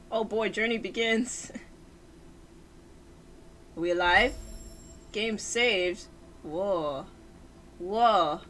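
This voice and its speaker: A woman streaming a game, reacting emotionally with loud outbursts, laughter and swearing, talking to the game. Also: medium pitch, extremely slow, pauses often, slight background noise. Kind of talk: live gameplay reactions.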